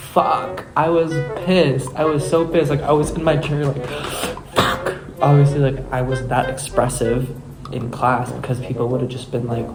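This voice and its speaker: Young male contestant, casual scheming confessional, echoey room, music under. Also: medium pitch. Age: young adult. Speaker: reality game contestant. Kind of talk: confessional to camera.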